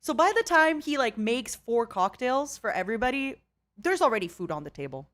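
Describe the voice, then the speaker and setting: A woman's voice: fairly high pitch, big pitch swings, fairly quick, a bit bright. A woman hosting a casual chat stream, bubbly and laughing often as she talks. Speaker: streamer host.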